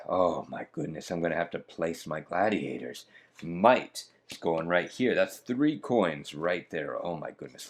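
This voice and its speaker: A man hosts a solo board game playthrough with a chatty, theatrical delivery, often calling his viewers folks. His voice sits low and has a gravelly edge. His pitch swings widely as he talks through each move.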